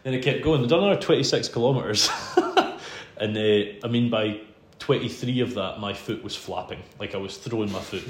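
His pitch is fairly low and his pace fairly quick as this Scottish podcast host, now the interview guest, rolls out a long, casual story. He's chatty, self-deprecating and quick to laugh. A faint hum sits under roomy room sound.

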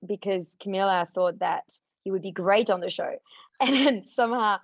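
A woman appearing as a guest on a podcast, talking warmly and effusively, over a dull remote line. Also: medium pitch, moderate pace, no room sound. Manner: warm, effusive thanks, animated. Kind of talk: casual podcast chat.

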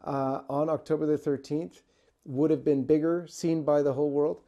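A man's voice: on the high side, level tone, normal speed, mellow, dull audio. A man hosting a podcast interview, who jumps in eagerly to check what he heard. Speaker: podcast host. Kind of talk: conversational interview.

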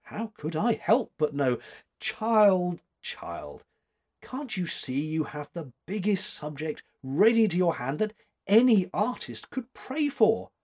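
A brisk, imperious old woman critic fires off curt questions, put on by a man reading a storybook aloud. Her lines swing lively and high, with a husky grain to the voice. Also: full character voice. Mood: brisk commanding. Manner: curt, commanding, searching questions. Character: sharp, imperious elderly woman art critic.

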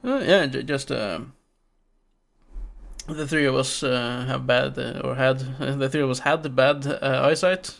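A man's voice: mid-range voice, unhurried, gravelly. A Norwegian man, a native Norwegian speaker, co-hosting a casual podcast chat in English and hesitating often with "uh". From Norway. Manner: hesitant, many "uh" fillers. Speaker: podcast co-host.

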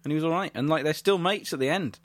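A man's voice: a little high, fast talker, no room sound. A man hosting a podcast, rambling through stories with lots of giggles. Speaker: podcast host. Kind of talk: casual chat.

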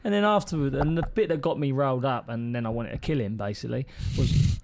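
A man's voice: medium pitch, quick pace, vocal fry, a little mellow. An English man, a podcast co-host, telling a pub story in casual, chatty banter. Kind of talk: casual chat.

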